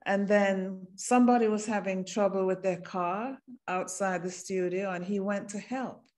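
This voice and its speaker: A woman with a Jamaican accent, a singer guesting on a podcast, telling a story in an animated way, laughing and acting out voices. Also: mid-range voice, normal speed.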